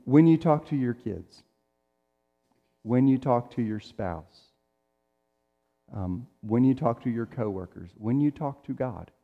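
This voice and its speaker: A man's voice: medium pitch, lively intonation, takes it slowly, vocal fry, pauses often, phone-quality sound, soft background music. Man preaching in an echoing hall. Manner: conversational preaching with acted-out quotes. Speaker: pastor. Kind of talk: sermon. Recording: long reverb of a large hall.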